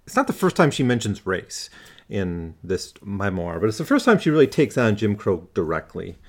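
A man's voice: lowish voice, very animated, moderate pace. A man giving a literature lecture, thinking aloud with frequent restarts and reading a long passage aloud.

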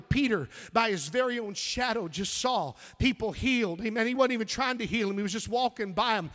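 A middle-aged man preaching a fervent sermon, swinging from loud exclaiming to soft, near-whispered storytelling, repeating words when moved. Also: high voice, brisk, few pauses.

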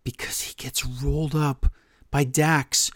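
A man co-hosting a wrestling podcast in casual chat, blunt and teasing, quick to cut in. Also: medium pitch, flat delivery, a bit bright, no room sound, studio quality. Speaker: podcast co-host.

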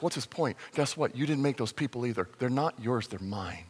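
Pastor guy preaching casual-like, pitch jumping all over, big echoey church hall. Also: fairly quick, breathy edge. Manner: conversational, animated, acts out voices in his retelling. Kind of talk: sermon.

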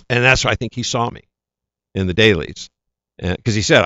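A man's voice: mid-range voice, quick pace, pauses often, dry recording, dull audio. A man, an actor, telling stories from his career in a casual interview, acting out the voices of the people he quotes. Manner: animated anecdotes, acts out quoted voices. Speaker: actor, guest.

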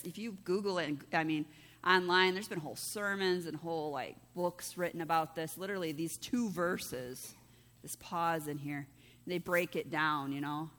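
A woman's voice: fairly low pitch, fairly bright tone. A woman pastor preaching a conversational sermon, often asking "right?" of the congregation. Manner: conversational, peppered with rhetorical "right?". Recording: long reverb of a large hall.

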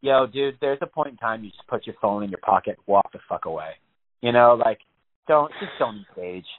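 A man's voice: mid-range voice, expressive, fairly quick. A man telling a story in casual, rambling chat on a podcast, with lots of swearing. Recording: tinny phone-like sound.

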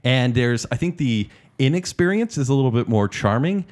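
A man's voice: medium pitch, animated, moderate pace, darkish tone. A man co-hosting a casual podcast chat about movies, enthusiastic and talking in long runs. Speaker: podcast co-host.

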